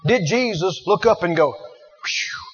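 Husky high-voiced male preacher. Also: sing-song, measured pace, highs cut off. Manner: questioning the congregation, dramatic, repeats lines for emphasis. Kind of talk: sermon.

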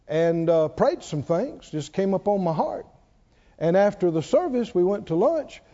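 A man preaching a sermon as pastor of a church, animated, calling out hallelujahs. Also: high-pitched. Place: church sanctuary. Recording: dull sound, long hall reverb.

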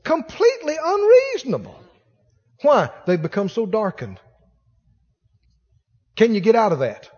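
A man preaching a sermon as pastor, exhorting the congregation and rising to shouts. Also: high voice, wildly swooping pitch, unhurried, long pauses, big-room sound, dull audio.

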